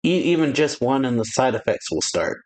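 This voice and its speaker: Stern male officer, bossy manga read-aloud by a man, average pitch. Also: very animated, a little fast, lightly acted. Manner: curt, bossy.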